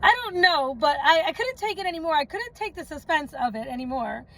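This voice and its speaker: A woman's voice: high-pitched, animated, brisk, pushed and bright, rough recording. A woman telling her own life story in a casual storytime vlog, chatty and rambling, often stopping for asides and laughs.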